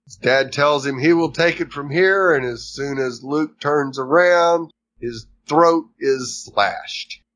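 A man co-hosting a podcast, retelling the plot of a series in a measured, matter-of-fact way. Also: on the high side, a bit bright, slight background noise. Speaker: podcast co-host recapping a series. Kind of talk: casual chat.

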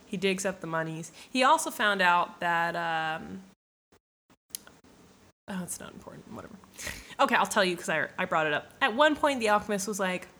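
A young woman casually retelling a book in an animated, profane way, full of fillers and asides. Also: on the low side, moderate pace. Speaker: book summarizer.

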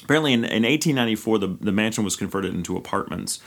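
A man's voice: fairly low pitch, expressive, rapid-fire. A man co-hosting a podcast, retelling a grim history in casual talk, rambling with restarts and swearing. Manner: rambling, frequent restarts and profanity. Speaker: podcast co-host. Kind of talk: casual storytelling chat.

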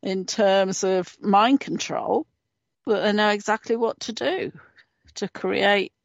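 A woman co-hosting a talk show in casual discussion, speaking haltingly with fillers and small laughs. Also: mid-range voice, gravelly, dry recording. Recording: dull, dry lo-fi sound.

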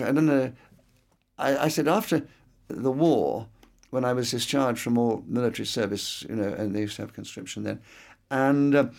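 An older man with a Scottish-tinged English accent and clear actor's diction, explaining his views as a guest in an interview. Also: mid-range voice, darkish tone. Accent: English with a Scottish inflection.

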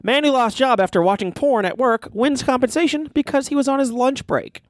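A man's voice: extremely high pitch, a little fast, no echo, studio quality. A man co-hosting a podcast, reading out odd news stories and riffing on them in casual banter. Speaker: podcast co-host.

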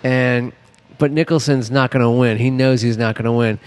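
A man co-hosting a casual talk show, telling stories in an animated, profane way. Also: mid-range voice, moderate pace. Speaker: podcast co-host. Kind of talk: casual chat.

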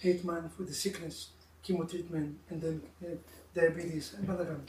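A middle-aged rabbi with an Israeli accent tells stories to a couples class in lively, broken English, often mimicking other people's voices. He sits some way from the mic in an echoey room, with a faint hiss of noise behind him. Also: high voice, far from the mic. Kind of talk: informal religious class with stories. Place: room of a live-streamed class.

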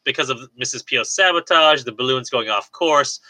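A man's voice: medium pitch, moderate pace, bright, forceful tone, no room sound, poor audio. A man co-hosting a podcast, casually recapping a film plot with lots of fillers. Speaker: podcast co-host. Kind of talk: casual movie recap chat.

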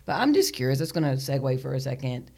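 Woman podcast co-host, husky voice, chatty, self-deprecating jokes, casual interview. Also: a bass voice, big pitch swings, fast, a little mellow. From Charlotte, US.

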